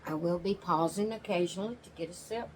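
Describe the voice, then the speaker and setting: A woman hosting her own channel, chatting casually from her rocking chair at home in a slow, homey, rambling way and yawning now and then. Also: on the low side, a little mellow, a little hiss or hum, rough recording. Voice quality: slow, drawling, yawns often. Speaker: channel host. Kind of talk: casual chat.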